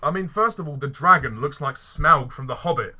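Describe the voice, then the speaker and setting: A man's voice: fairly high pitch, expressive, brisk, heavy background noise. A man giving an exasperated, ranting film review, swearing and often stumbling and restarting his sentences. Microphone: voice-only recording.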